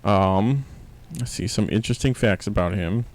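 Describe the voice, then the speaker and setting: A man co-hosting a casual movie review podcast, chatty and quick to laugh as he retells scenes. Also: on the low side, a little mellow, low-quality recording. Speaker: podcast co-host.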